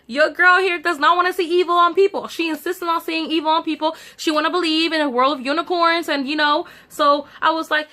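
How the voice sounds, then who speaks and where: A woman's voice: high-pitched, steady tone, a little fast, pushed and bright. A young woman chatting to her viewers in a casual story time, full of fillers and asides to the audience. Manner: chatty, many fillers, addresses viewers directly. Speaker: vlogger telling a story time.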